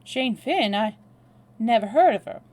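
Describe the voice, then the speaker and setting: A woman reading aloud, voicing a cowardly, scheming Russian man who turns shrill when threatened. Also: animated, a little slow, a little mellow. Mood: hysterical. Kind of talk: read-aloud novel dialogue.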